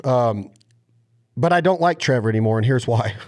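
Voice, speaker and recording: A man's voice: mid-range voice, moderate pace, background noise. A man hosting a podcast, chatting casually and telling stories with lots of enthusiasm. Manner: enthusiastic, animated storyteller. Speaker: podcast host. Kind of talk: casual interview chat.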